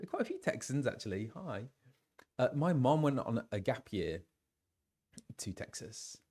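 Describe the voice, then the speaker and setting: A man's voice: on the low side, a little mellow. A man who voices game characters, chatting casually with his live-stream viewers and reading out where they are from. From England.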